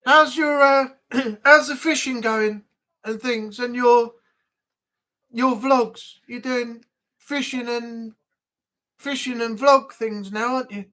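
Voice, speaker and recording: A man's voice: extremely high pitch, fairly even intonation, takes it slowly, pushed and bright. Chatty man hosting a stream. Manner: chatty, frank, swears freely. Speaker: live stream host. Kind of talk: casual live-stream chat.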